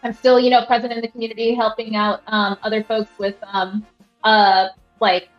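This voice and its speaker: A woman's voice: on the high side, level tone, moderate pace, soft background music. A young woman hosting a casual livestream, rambling with lots of fillers and reading chat aloud from a rented apartment. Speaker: livestream host. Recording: roomy, slightly dull sound.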